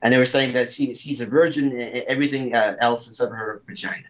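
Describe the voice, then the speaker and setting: A man chatting casually, halting often with "uh" as he talks. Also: medium pitch, fairly even intonation, a bit bright, muffled recording, slight background noise. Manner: halting, with many "uh"s. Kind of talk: casual chat.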